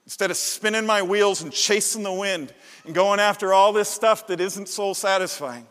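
Brief: emotional male pastor preaching, sharp bright tone ringing through a reverberant sanctuary. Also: sits high, normal speed. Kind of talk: sermon. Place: church sanctuary. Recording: reverberant hall.

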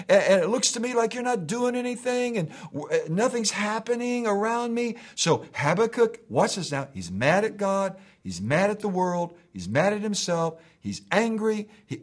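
A middle-aged male pastor preaching in church, his voice sitting a little high and swinging widely between soft, low asides and loud, ringing exclamations. He drives his points home through repetition and building lists. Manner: emphatic preaching with repetition and rising calls. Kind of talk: sermon.

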